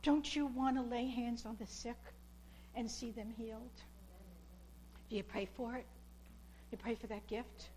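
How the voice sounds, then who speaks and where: High-voiced fervent woman preacher. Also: steady tone, a little slow, long pauses, darkish tone, a little hiss or hum. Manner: fervent, repetitive pleading. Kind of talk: sermon.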